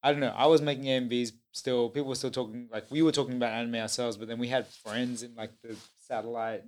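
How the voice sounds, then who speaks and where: A man's voice: medium pitch, flat delivery, quick pace, darkish tone. Rambling male podcast host. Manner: rambling, with many fillers. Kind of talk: casual podcast chat.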